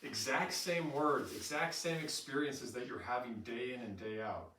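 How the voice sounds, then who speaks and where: Brief: bright-voiced middle-aged male trainer, animated storyteller, recorded from across a roomy space. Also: medium pitch, moderate pace. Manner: animated storyteller who acts out quotes with laughter. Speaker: staff trainer. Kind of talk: in-service training talk. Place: training room with an audience. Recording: roomy echo from far off, faint noise.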